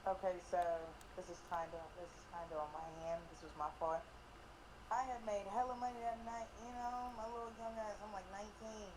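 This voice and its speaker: A woman's voice: mid-range voice, a little fast, noisy background. A woman in her early twenties, an interview guest, telling a story in a blunt, profane, emphatic way. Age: 20s.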